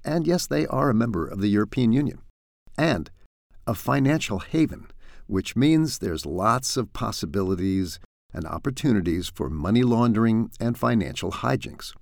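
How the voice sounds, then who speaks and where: A man's voice: fairly low pitch, lively intonation, normal speed, gravelly, no echo. A man delivering satirical news commentary in a dry, sardonic way, full of wry asides. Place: home in France.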